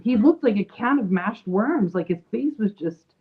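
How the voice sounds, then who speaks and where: A woman co-hosts a casual chat, blunt and full of swearing, laughing as she talks. Her voice sits at an ordinary pitch for a woman. The sound is thin and tinny, like a phone line. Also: animated, moderate pace. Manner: blunt, profane, laughs often. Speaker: podcast co-host.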